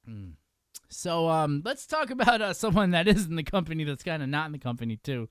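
A man's voice: on the high side, big pitch swings, a little fast, fairly bright tone, clear, resonant tone, no room sound, clean studio sound. A man hosting a casual podcast chat, loose and profane, laughing often and restarting his sentences. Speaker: podcast host.

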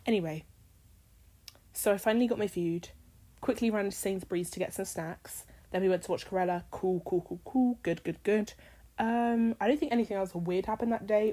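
A woman's voice: medium pitch, mellow. A young British woman in her twenties hosting a casual solo podcast, rambling and swearing freely, a little tired with a drying voice. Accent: British English. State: tired, voice getting dry. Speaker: podcast host.

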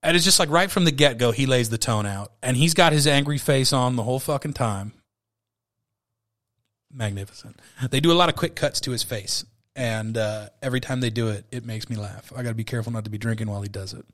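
A man's voice: medium pitch, brisk, fairly bright tone. A man in his thirties hosting a podcast, chatting casually about a movie he loves, rambling and swearing freely. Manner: rambling, profane, with frequent fillers. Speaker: podcast host. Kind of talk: casual movie review chat.

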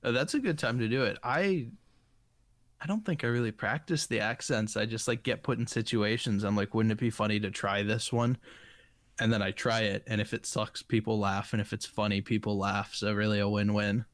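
A man's voice: on the low side, fairly even intonation, fairly quick, no room sound. A man co-hosting a casual comedic chat, laid-back and drawling, with jokes trailing off.

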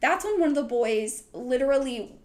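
A woman's voice: high-pitched, animated, moderate pace, a little mellow. A young adult woman hosting a podcast, telling a story in a casual, rambling way with many "like"s and "um"s. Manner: rambling, full of "like" and "um". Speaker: podcast host.

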